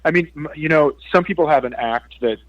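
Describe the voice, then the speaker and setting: A man's voice: fairly high pitch, a little fast, muffled recording. A man from Minnesota, a stand-up comedian guesting on a podcast, telling stories wryly with dry punchlines. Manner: wry storytelling with dry punchlines. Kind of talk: casual chat.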